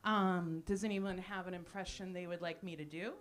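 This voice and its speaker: Woman, forties, stand-up comedian, deadpan, self-deprecating, live mic, noisy cafe recording. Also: lowish voice, normal speed. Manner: deadpan, self-deprecating, frequent ums and laughs. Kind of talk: live stand-up set with crowd work. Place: small cafe stage with live audience.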